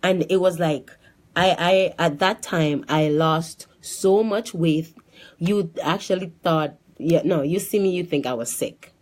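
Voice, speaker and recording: A woman giving a personal testimony in a lively storytelling way, often restarting her sentences and acting out what others said. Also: on the low side, measured pace.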